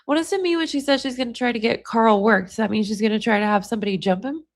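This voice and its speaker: A woman's voice: on the high side, fast. A woman hosting a live stream, chatting casually and speaking straight to her viewers. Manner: chatty, addresses viewers directly.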